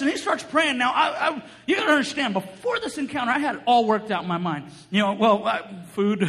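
A man preaching with a very high, bright, ringing voice that carries through a big hall with long reverb. He tells his story with energy, laughs often and breaks into shouts as he plays out the voices in it. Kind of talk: sermon with storytelling.

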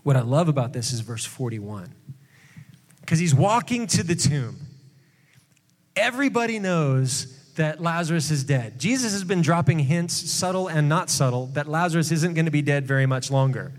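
A man, a pastor, preaching a sermon in a relaxed, conversational way with joking asides. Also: fairly high pitch, moderate pace, big-room sound.

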